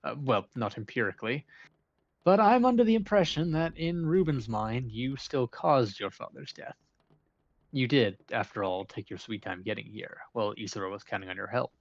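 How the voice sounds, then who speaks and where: A man's voice: medium pitch, expressive, normal speed, dry recording, dull audio. A man reading as a pompous doctor. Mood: lecturing. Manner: pompous, lofty, formal. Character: haughty male doctor, condescending bachelor of medicine. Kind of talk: reading game dialogue aloud.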